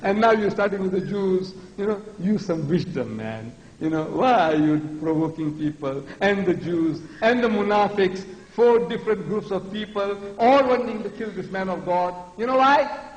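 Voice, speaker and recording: A fiery older man in his seventies lectures with a militant, emphatic force, his voice pitched high and ringing. His words bounce around a large, echoing hall, and the reverb trails long after each phrase. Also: lively intonation, normal speed. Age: 70s. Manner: mocks other speakers with a high, weak voice. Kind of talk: public lecture on religion.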